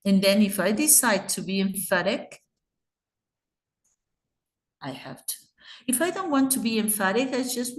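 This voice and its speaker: Slow, patient Mexican English teacher. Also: female voice, medium pitch, lively intonation, echoey room. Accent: Mexican Spanish. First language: Spanish. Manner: patient, explanatory, asks students questions. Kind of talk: online grammar lesson.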